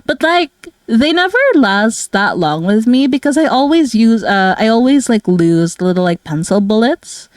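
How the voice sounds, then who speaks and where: A woman's voice: fairly high pitch, sing-song, moderate pace, no echo, studio quality. A young woman streamer chatting casually while she draws, bubbly and giggly. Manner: bubbly, giggly, full of "like" and "oh my God". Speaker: streamer and artist. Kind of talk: casual chat while drawing.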